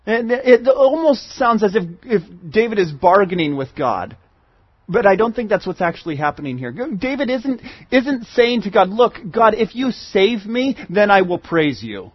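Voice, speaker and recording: A man preaching a sermon in an earnest way, moving between loud pleading and hushed asides. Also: high-pitched, expressive, normal speed, breathy edge, no echo, dull audio.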